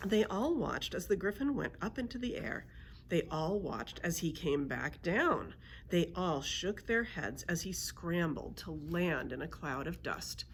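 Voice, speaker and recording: A woman librarian reading a children's book aloud with expressive storytelling narration. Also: lowish voice, a little slow, a little hiss or hum.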